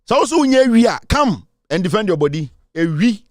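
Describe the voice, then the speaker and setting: A Ghanaian man rants in mocking political commentary, his voice pitched high and swinging widely up and down. He taunts and laughs often, and the sound is close and dry. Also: very animated, fairly quick, hardly any pauses, dry recording. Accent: Ghanaian English. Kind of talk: ranting online commentary.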